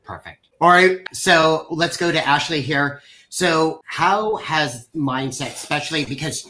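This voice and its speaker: Upbeat bright-voiced man moderating. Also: a little high, a little slow, rough recording. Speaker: panel moderator. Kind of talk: casual panel moderation.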